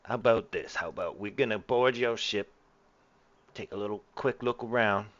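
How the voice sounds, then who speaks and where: A man plays a pushy, gangster-ish lackey who talks in loose slang and worries about his boss. The voice is deep and low, carried over a muffled online voice chat. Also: normal speed, fairly bright tone, close to an everyday voice. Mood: scheming. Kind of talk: voice-chat role-play.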